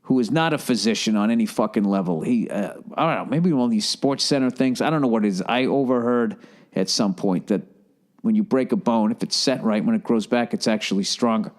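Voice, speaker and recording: A man's voice: on the low side, fairly quick. A man hosting a solo podcast in a rambling, profane monologue with sarcastic asides. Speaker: podcast host.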